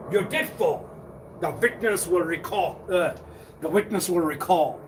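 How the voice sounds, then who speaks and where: A man talking slowly in a rambling live-stream monologue, answering his own questions and repeating himself. He drops to low mutters, then bursts out loud, over a faint hum of background ambience. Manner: argues back and forth with himself, repeating words; swings between quiet mutters and loud exclamations. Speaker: livestreamer.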